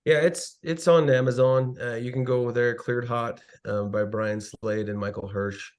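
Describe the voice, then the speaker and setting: A man talking as a podcast guest, relaxed and earnest, giving motivational advice. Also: medium pitch, unhurried. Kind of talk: casual interview talk.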